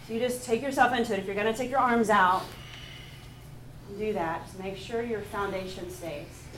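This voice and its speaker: A woman teaching a live yoga class, giving calm pose and breath cues with playful laughs. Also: medium pitch, moderate pace, noisy background. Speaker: yoga instructor. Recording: echoey room.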